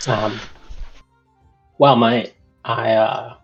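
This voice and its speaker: A man's voice: medium pitch, flat delivery, very slow. A man voicing a curious male drow elf librarian in a put-on Australian accent, breezy and slangy, over a dull lo-fi recording with faint music.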